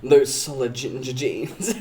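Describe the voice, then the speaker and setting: Slow-paced and warm, this man's mid-range voice fills a casual live stream. He teases his viewers playfully, calls people in chat by name, and keeps dissolving into giggly laughter.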